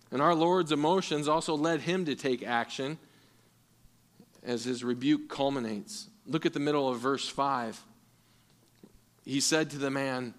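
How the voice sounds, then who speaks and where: A man's voice: mid-range voice, measured pace, long pauses, sharp tone. A man preaching a sermon in an earnest way, often repeating words as he restarts. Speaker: pastor.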